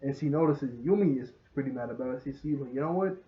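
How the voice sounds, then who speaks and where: A man giving a casual, rambling episode review. He gets excited, laughs often and retells scenes as he goes. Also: medium pitch, fast talker. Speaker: show reviewer. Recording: roomy, dull lo-fi sound.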